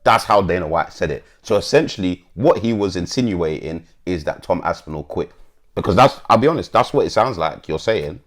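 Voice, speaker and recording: A man's voice: sits low, lively intonation, a little fast. A man hosting an MMA commentary channel, chatting bluntly and swearing as he reads posts to his viewers. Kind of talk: casual commentary, reading posts aloud.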